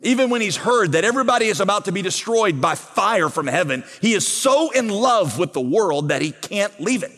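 A pastor delivers a sermon, telling a scripture story in a lively way and asking his listeners rhetorical questions. His man's voice sits a little above the usual pitch. Long reverb from a large hall trails every phrase. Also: a little fast, few pauses.

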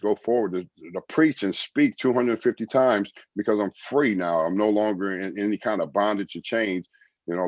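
A man with a very low, deep voice tells his faith story in earnest, circling back on his own phrases as he goes. The recording sounds dry and a little dull. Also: dry recording. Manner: earnest storytelling, repeats phrases, quotes God and others. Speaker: guest, former baseball player and evangelist. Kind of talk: testimony in a podcast interview.

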